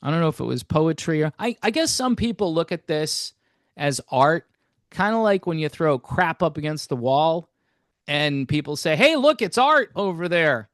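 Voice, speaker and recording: A man talks through a casual review on his own channel, folksy and rambling, often poking fun at himself. His voice sits somewhat high for a man. The sound is dry and close, with no room echo. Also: animated, moderate pace. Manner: self-deprecating, rambling, folksy. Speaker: album reviewer, channel host.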